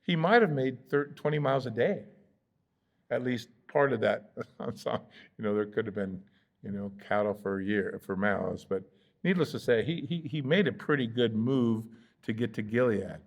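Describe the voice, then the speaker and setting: A man's voice: mid-range voice, normal speed. A man with an American accent, a pastor teaching a Bible study in a conversational way, with fillers and playful asides where he acts out the characters. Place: church sanctuary.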